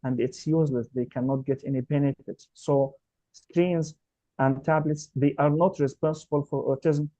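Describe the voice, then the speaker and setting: A man's voice: medium pitch, fairly even intonation, moderate pace, dark tone, no room sound. Earnest man, dull dry lo-fi audio. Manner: repetitive, earnest explaining. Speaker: panelist, autism specialist. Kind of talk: webinar panel discussion.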